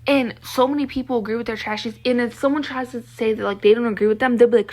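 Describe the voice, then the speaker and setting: Husky young woman ranting. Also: a little high, fast talker. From Baltimore, Maryland. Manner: heated, profane, venting. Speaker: vlogger. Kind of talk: ranting monologue to camera.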